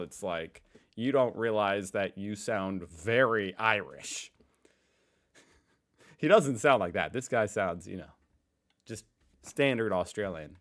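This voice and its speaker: Young American guy, low-pitched, relaxed reaction host, laughs a lot. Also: moderate pace. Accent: General American. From United States. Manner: relaxed, musing, self-deprecating, laughs often. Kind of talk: casual reaction commentary.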